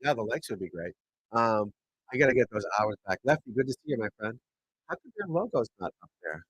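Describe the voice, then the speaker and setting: A man hosting a casual golf livestream, talking loudly, swearing and rambling as he chats with viewers. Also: medium pitch, very animated, fairly quick, slightly rough, no room sound, lo-fi sound. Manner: loud, swearing, rambling and frustrated. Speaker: golf pro livestream host. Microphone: desk mic at computer.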